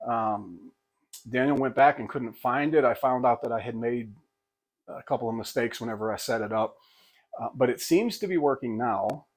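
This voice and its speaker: A man's voice: mid-range voice, moderate pace. An older man, a pastor and hobby woodworker, talking casually to camera in a rambling, folksy, self-deprecating way with many restarts.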